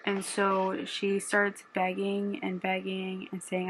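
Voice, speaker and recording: A woman's voice: mid-range voice, monotone, takes it slowly, hardly any pauses, very noisy. A woman giving an emotional, rambling casual recap of a novel, saying "like" a lot. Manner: rambling, fills with "like"; emotional, close to tears. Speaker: book reviewer.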